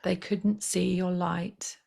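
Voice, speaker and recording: Gravelly low-voiced woman guiding healing. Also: level tone. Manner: soft, slow, coaxing guidance. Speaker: spiritual healer. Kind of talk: guided healing session.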